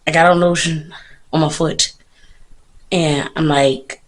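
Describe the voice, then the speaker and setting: Woman, young, casual vlog, phone at arm's length, rambling, self-mocking, slightly low voice. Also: fairly even intonation, slow. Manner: chatty, rambling and self-mocking, laughs often. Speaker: vlogger. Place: bathroom and hotel, indoors.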